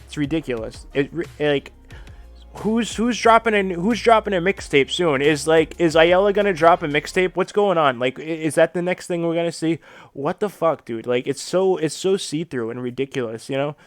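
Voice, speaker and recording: Male drama streamer, slightly high voice, exasperated and profane, with faint music underneath. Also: moderate pace. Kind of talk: reading a script then ranting live.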